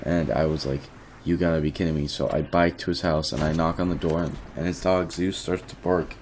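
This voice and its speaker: A man's voice: very deep voice, flat delivery, normal speed, slight background noise. A teenage boy casually telling a rambling story about his day, often quoting himself and restarting his sentences. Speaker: vlogger.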